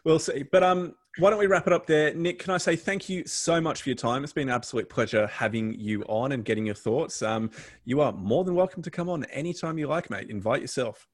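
A man's voice: a little high, fairly quick. A man hosting a podcast, chatting casually in a jokey, teasing way. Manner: jokey, teasing, friendly wrap-up. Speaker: podcast host.

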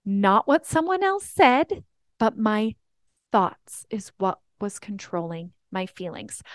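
A woman's voice: mid-range voice, no room sound, clean studio sound. A woman life coach hosting a podcast, telling family stories in an earnest, teaching way. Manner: earnest storytelling, reenacts family talks.

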